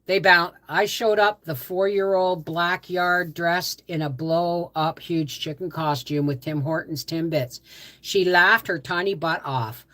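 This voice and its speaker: A woman's voice: fairly low pitch, fairly even intonation, measured pace, a bit bright. An older woman, hosting a livestream and chatting in a rambling, easygoing way as she answers viewer comments. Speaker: livestream host. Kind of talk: casual livestream chat.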